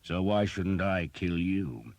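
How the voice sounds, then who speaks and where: A man voicing a scarred knight in his thirties with a deep, harsh voice, growling and sour. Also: animated, takes it slowly, darkish tone, no echo. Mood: gruff.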